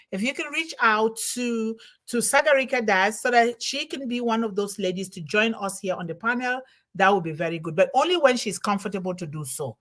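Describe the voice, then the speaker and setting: A woman's voice: mid-range voice, fairly bright tone. A woman who is not a native English speaker hosts a live online show from home. She thanks viewers one by one by name and reads their comments aloud. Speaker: host. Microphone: home livestream over internet.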